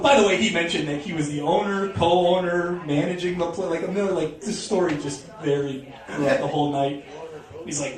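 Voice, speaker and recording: On a comedy club stage, a young stand-up comedian with a fairly high voice tells a rambling, swear-filled story at normal speed, laughing through his punchlines. The recording is roomy with a distant mic, and the crowd can be heard in the background.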